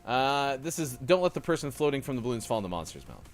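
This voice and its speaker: A man's voice: mid-range voice, fast, soft background music. A man co-hosting a gaming morning show, bantering casually and calling out to the chat. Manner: animated, jokey, addressing chat. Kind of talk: casual live-stream banter.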